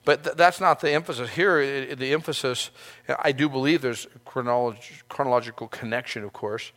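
A man's voice: medium pitch, a little fast, a bit bright. A male pastor giving a sermon, speaking earnestly in a conversational way and often restarting his phrases.

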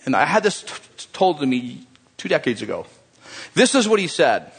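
A male pastor delivering a sermon with an animated, conversational manner. His voice sits a little high for a man and swings widely in pitch as he joshes with the congregation. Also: brisk, vocal fry, slightly rough.

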